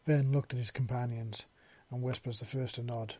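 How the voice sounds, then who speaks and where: A man narrating a story in a steady storytelling manner. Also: medium pitch, normal speed. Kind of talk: audiobook narration of fan fiction.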